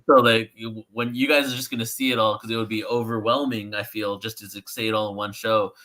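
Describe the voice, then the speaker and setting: A man co-hosting a live stream, with a lowish voice that has a bright, forward edge. He chats in a casual, easygoing way and drops in fillers as he goes. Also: flat delivery, brisk, a little hiss or hum. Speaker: co-host.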